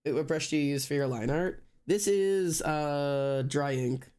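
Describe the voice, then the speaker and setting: A fairly high, smooth, slightly mellow male voice takes its time. It belongs to a young man on a live stream at home, chatting idly with viewers and stumbling through fillers and restarts.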